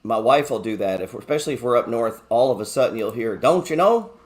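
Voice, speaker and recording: A man's voice: fairly low pitch, quick pace. A man hosting a live stock market show, chatting casually, joking and swearing freely as he talks through his trades. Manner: reads viewer chat aloud.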